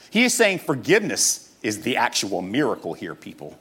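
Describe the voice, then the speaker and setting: Emphatic, animated preacher man. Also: medium pitch, normal speed, few pauses, husky. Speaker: pastor. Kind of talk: sermon. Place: church stage with audience.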